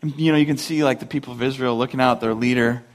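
A man delivers a sermon from the pulpit in a relaxed, conversational tone. His voice sits in a middle range. He brings the story to life by acting out the characters in animated voices. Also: medium pitch, fast talker. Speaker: pastor.

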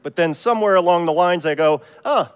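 A man's voice: on the high side, fast talker, smooth. A man from Ohio, a pastor preaching a sermon in a casual, self-deprecating storytelling way. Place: church sanctuary. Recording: long church reverb.

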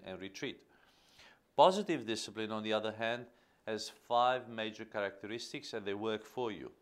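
A man hosting a podcast, giving an earnest teaching monologue on parenting and stressing key phrases by repeating them. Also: on the low side. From Australia. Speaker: podcast host.

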